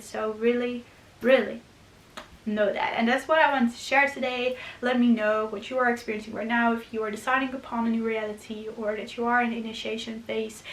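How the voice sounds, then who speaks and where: A young woman talking casually and earnestly to camera about spiritual growth, gentle and often laughing softly. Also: fairly high pitch, recorded from a distance. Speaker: spiritual vlogger. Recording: echoey room with faint hiss.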